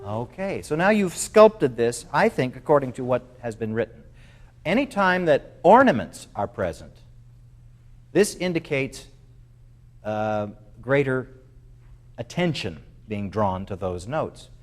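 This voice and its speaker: A man's voice: medium pitch, big pitch swings, unhurried, pauses often. Man coaching a music masterclass. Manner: explains, then sings phrases on syllables; thoughtful, with many fillers. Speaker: music clinician.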